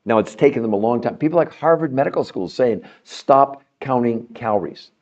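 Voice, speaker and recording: Man, podcast host, emphatic promotional talk, mid pitch, mellow tone, lo-fi sound. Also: fairly quick. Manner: emphatic, rising more animated as he goes. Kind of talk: promotional health talk to viewers.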